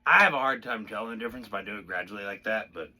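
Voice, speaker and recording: Talking very fast in a fairly low voice, a male drummer gives a casual spoken demonstration of drum rudiments in a very noisy recording. His delivery is loose, rambling and profane, broken up by counting the beats aloud, with drum pad playing in the background.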